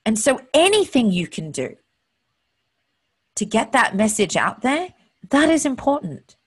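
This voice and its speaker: A woman's voice: a little high, big pitch swings, a little slow, slightly rough. A woman hosting her own show, giving an earnest, heartfelt and openly emotional motivational monologue. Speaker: host.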